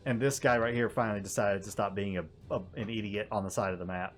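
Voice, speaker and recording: A man giving casual gameplay commentary, animated and often laughing, exasperated at the game's behavior. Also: fairly low pitch, fairly quick, faint music behind. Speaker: gaming YouTuber.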